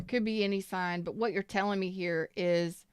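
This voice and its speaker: A woman's voice: mid-range voice, fairly even intonation, takes it slowly, clear, resonant tone, no echo. A woman, hosting a casual, salty tarot reading and talking straight to her viewers. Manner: chatty, salty, talks to viewers as y'all. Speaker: tarot reader, channel host.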